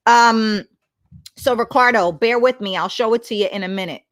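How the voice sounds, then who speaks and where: A woman's voice: a little high, moderate pace. Blunt, foul-mouthed woman livestreaming. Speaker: livestream host. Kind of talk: casual live-stream chat reading comments. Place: at home. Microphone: laptop mic.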